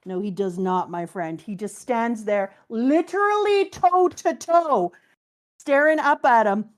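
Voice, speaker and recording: Excited woman retelling a comic. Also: unhurried. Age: middle-aged. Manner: excited, acts out character lines in a lowered voice. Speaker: co-host reading and discussing a manga. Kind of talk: casual chat.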